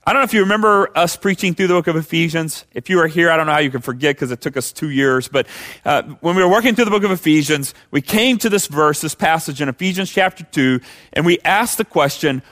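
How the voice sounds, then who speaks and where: A man's voice: a little high, expressive, a little fast, a bit bright. A man preaching a sermon as pastor, conversational, with many rhetorical questions.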